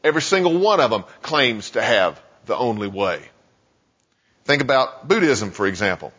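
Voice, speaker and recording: A man preaching a sermon in a casual, conversational way, full of "you know" asides and quick voiced quotes. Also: mid-range voice, very animated, a bit bright, slightly rough. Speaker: pastor. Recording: muffled sound with long hall reverb.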